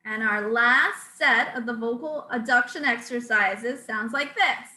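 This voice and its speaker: A woman speech therapist calmly leading a class through voice exercises, explaining each drill and counting out the repetitions. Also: a little high, a little slow, hardly any pauses. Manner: calm, instructive, counts out drills. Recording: echoey room.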